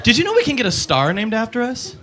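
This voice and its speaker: Man, stand-up comic, high voice, bright tone, rambling, loud put-on voices, club stage. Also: huge pitch swings, fast. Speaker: stand-up comedian. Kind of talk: stand-up comedy.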